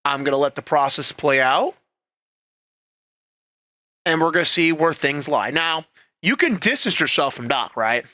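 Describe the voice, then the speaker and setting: Brief: chatty commentary host, man, bright sharp voice, a bit high, swears freely. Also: expressive, measured pace, pauses often, no echo, clean studio sound. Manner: chatty, profane, acts out quoted voices. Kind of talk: casual opinion commentary.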